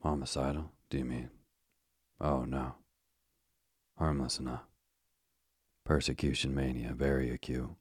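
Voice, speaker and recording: A man reading the lines of a cheerful, callous, burly asylum keeper in a blunt, offhand way, as part of a calm sleep-story reading. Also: rumbling low, unhurried, pauses often, husky, no room sound, clean studio sound, full character voice.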